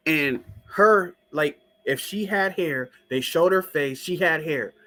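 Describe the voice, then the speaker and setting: A man's voice: fairly high pitch, slow, sharp tone. Profane, skeptical man talking to his chat. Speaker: show host. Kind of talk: casual live-stream talk.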